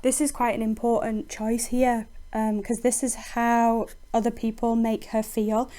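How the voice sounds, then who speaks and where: A woman's voice: on the high side, little pitch movement, unhurried, warm tone. A woman teacher explaining a poem in a recorded lesson, thinking aloud with frequent ums and restarts.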